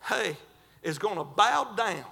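A man preaching a sermon in a fervent, folksy way, stretching and shouting scripture lines. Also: high voice, big pitch swings, takes it slowly, gravelly, breathy edge. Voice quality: folksy, colloquial.

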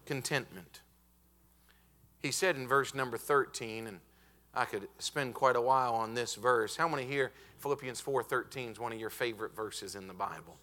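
A man preaching a revival sermon as a visiting preacher, emphatic and stretching out key words, building up to shouted peaks in a church auditorium. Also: mid-range voice. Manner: emphatic, building to shouted climaxes with drawn-out stresses; often says "hey, listen" to the congregation.

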